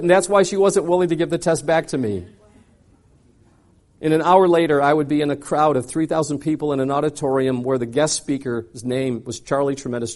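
In a fairly high-pitched voice, a man tells a personal story during a sermon. He's dramatic and animated, acting out the scenes and making frequent asides.

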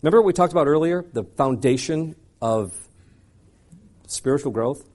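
Animated preacher man telling a story. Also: moderate pace. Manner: animated, dramatic storyteller who acts out dialogue; swings between loud punchy lines and quiet low asides. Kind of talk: sermon storytelling.

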